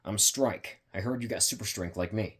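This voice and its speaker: A brash young brawler, loud and cocky, as a man reads his lines. The voice stays deep and a bit husky, pushed louder than the narration. It is read as a fan story. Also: moderate pace.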